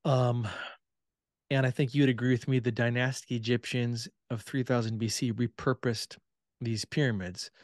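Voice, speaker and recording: A man's voice: mid-range voice, moderate pace, no echo. Man telling stories in a dry room. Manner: relaxed storytelling with many fillers. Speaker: podcast guest, tour guide. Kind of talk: casual chat.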